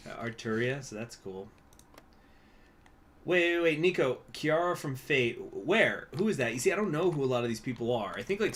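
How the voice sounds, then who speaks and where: A man's voice: medium pitch, fairly bright tone, a little hiss or hum. A man casually commenting while streaming a strategy game, chatty and rambling with many fillers and restarts.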